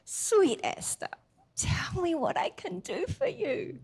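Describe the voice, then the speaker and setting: This is a commanding king from an old story, voiced by a woman retelling it, full of theatre and sudden temper. The voice sits fairly high but swoops dramatically. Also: sing-song, unhurried, slightly rough, heavily acted. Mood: regal. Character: king of old, grand, quick to anger.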